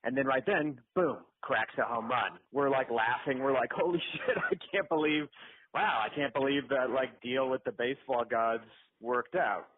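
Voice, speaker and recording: A man's voice: medium pitch, normal speed. Man rambling on a tinny voicemail. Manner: rambling, self-deprecating, lots of fillers. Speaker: caller leaving voicemails. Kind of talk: casual storytelling voicemail. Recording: tinny phone voicemail line.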